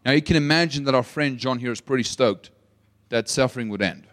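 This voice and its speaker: A man preaching a sermon, asking the audience questions and retelling scripture as lively stories. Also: mid-range voice, brisk. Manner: asks the audience rhetorical questions; animated storytelling with acted-out quotes. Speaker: pastor.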